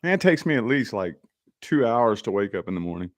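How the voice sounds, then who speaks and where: A man's voice: lowish voice, big pitch swings, a little fast. A man hosting a casual live stream from his home office, rambling in a laid-back way and talking straight to his viewers.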